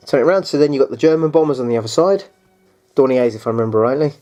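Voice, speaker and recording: A man's voice: mid-range voice, animated, rapid-fire, warm tone, soft background music. A man chatting casually through a tabletop game unboxing. He rambles and hesitates, restarts often, and keeps addressing the viewers as guys.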